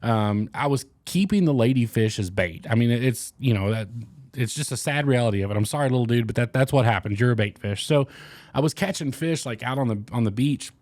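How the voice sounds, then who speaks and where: A man hosting his own fishing channel talks straight to the viewer in loose, rambling, joking chat. His voice sits at a middling pitch, and the sound is close and dry with no room echo. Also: animated, fairly quick, darkish tone. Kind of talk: casual chat to camera.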